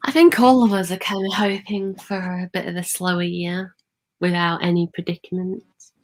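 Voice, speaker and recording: A woman's voice: fairly low pitch, fairly even intonation, normal speed, dry recording, low-quality recording. A woman hosting a livestream in casual chat, greeting viewers as she talks. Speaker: livestream host.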